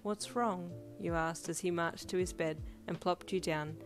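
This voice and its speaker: A woman reading second-person romance fan fiction as narrator, with a steady storytelling delivery. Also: on the low side, moderate pace. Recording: lofi music playing underneath. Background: lofi beat.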